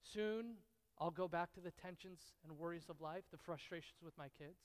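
The speaker is a male pastor with a fairly high pitch, preaching in a large hall that gives long reverb. His sermon unfolds as stories built on repetition and dramatic pauses, rising from hushed, intimate lines into loud, excited bursts.

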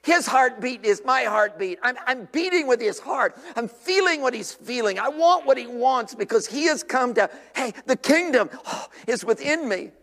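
An older man preaches a revival sermon, his voice sitting unusually high. He swings from ringing shouts down to near whispers, and the church sanctuary gives his words a long, lingering reverb. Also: animated, moderate pace, few pauses.

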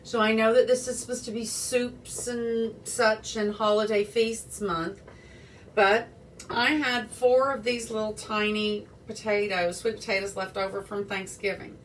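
A woman's voice: medium pitch, fairly bright tone, recorded from a distance, a little hiss or hum. A woman hosting a casual home cooking show, chatting and rambling in a self-deprecating way as she cooks in her kitchen. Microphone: phone or camera on small tripod, set back.

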